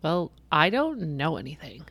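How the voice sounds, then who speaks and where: A woman's voice: low-pitched, sing-song, measured pace, fairly bright tone, husky, no room sound. A woman in her thirties chatting casually and reading funny posts aloud, laughing often. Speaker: co-host.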